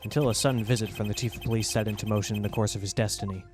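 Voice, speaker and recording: A man's voice: lowish voice, steady tone, very fast. Brief: a male let's player narrating dramatically over music. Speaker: let's play host. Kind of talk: narrating a game.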